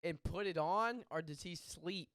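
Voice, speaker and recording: A young man hosting a podcast, telling a story in casual chat, animated and profane with quick asides. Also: on the high side, no echo, studio quality. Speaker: podcast host.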